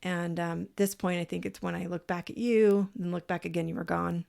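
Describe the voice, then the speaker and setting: Woman cohost rambling through a story, lowish fry-heavy voice, acts out the quotes, swears a bit. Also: fairly even intonation, normal speed, a little mellow. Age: parent, adult. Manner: frank, swears casually. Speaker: podcast co-host. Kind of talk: casual storytelling chat.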